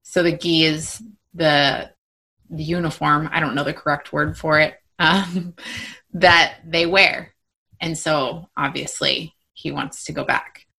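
A woman's voice: low-pitched, steady tone, takes it slowly, creaky, pushed and bright, slightly rough. A woman in her thirties hosting a motivational podcast for mothers, talking in a reassuring, encouraging way. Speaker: podcast host and mom coach.

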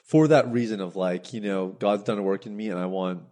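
A man's voice: on the low side, fairly quick, mellow. A man hosting a podcast, giving short affirmations and asking long, rambling questions. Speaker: podcast host. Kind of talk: casual interview chat.

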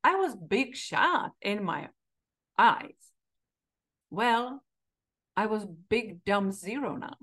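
A middle-aged woman with a Czech accent tells a personal story in a candid, reflective way. Her voice sits at a medium pitch, and she is a podcast host speaking in her second language. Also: big pitch swings, slow, long pauses, pushed and bright. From Czech Republic. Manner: candid, reflective, quoting herself with emotion.

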